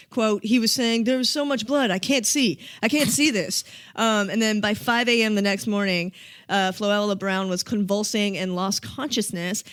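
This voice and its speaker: A woman's voice: medium pitch, a bit bright, dry recording. A woman co-hosting a podcast, casually reading out a story from her notes with lots of ums and laughs. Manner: reads facts with frequent ums and laughs. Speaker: podcast co-host telling the story.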